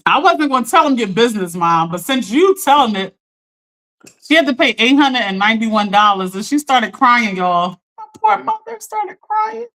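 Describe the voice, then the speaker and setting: Woman, live stream host, slightly high voice, lively and chatty with her viewers. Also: moderate pace. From Philadelphia. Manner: animated, chatty, addresses viewers as y'all, laughs often. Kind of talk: casual storytelling to a live audience.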